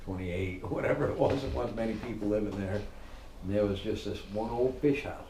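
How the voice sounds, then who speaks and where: Laughing a lot and cursing, a middle-aged man recounts a story casually, performing the lines people spoke. His voice is on the low side and a little fast, and he's animated throughout. There's room echo and a faint background noise.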